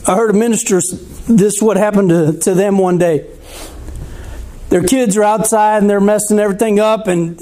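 A man preaches a sermon in a high but mellow, dark-toned voice. He talks conversationally, asking the congregation questions and waiting for their reply. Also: normal speed.

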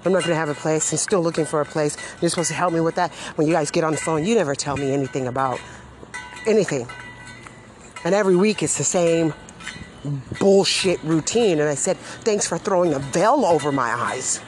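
A woman's voice: deep voice, brisk, soft background music. An indignant mother ranting angrily and profanely about how an agency has treated her. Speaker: mother venting about social services. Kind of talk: angry monologue rant.

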